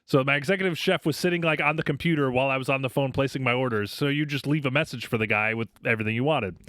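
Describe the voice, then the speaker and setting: A man's voice: mid-range voice, racing, a bit bright, no echo, studio quality. A middle-aged man co-hosting a podcast, telling crude stories in casual chat and laughing often. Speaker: podcast co-host.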